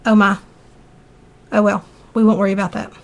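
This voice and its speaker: A woman's voice: mid-range voice, level tone, moderate pace. A middle-aged woman with a Southern US accent, chatting through a live craft tutorial in a folksy way as she works. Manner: chatty, folksy, talks while working. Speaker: craft demonstrator.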